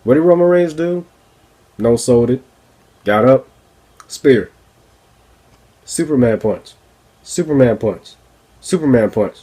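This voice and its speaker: A man's voice: mid-range voice, animated, takes it slowly, pauses often, mellow, slightly rough. A man hosting a wrestling review podcast, ranting casually and profanely with frequent laughs. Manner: profane, exasperated, laughs often.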